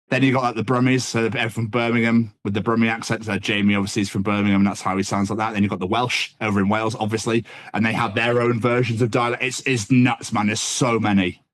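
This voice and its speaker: A man with an English accent talks in a slightly low voice, rambling loosely and dropping "man" at the end of his thoughts. He is a guest on a podcast, relaxed and chatty. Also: quick pace, hardly any pauses. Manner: rambling, laughs often, says "man" a lot. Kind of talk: casual podcast chat.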